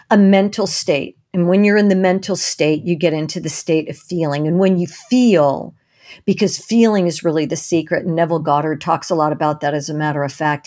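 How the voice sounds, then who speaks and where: A woman's voice: lowish voice, a little mellow. A woman hosting a podcast, talking in a conversational way and animatedly acting out scenes as she explains, with some restarts as she thinks aloud. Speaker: podcast host.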